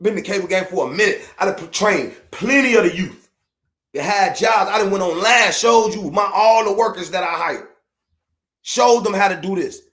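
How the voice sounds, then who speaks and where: Speaking at normal speed in a high-pitched, slightly bright voice, a middle-aged Chicago man with a matching accent rants on his podcast. He's blunt, profane and heated, repeating himself throughout, and the recording has room echo.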